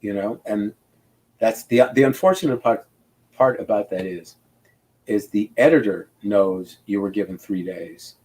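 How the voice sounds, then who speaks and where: A man's voice: on the low side, a little slow. Older man rambling through inking stories. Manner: rambling, animated storytelling with many restarts. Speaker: comic book inker, guest. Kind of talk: casual video interview.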